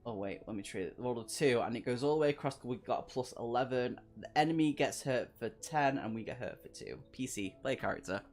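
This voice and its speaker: Fairly quick and lively, his darkish medium-pitched voice carries a live stream where he reads a gamebook aloud and chats with his audience. He laughs often as he plays.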